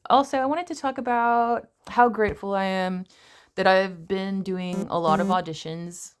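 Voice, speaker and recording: A woman's voice: mid-range voice, clean tone. A young woman, an actress, reading a book passage aloud at home and then chatting casually, swearing and laughing at herself. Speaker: actress vlogger.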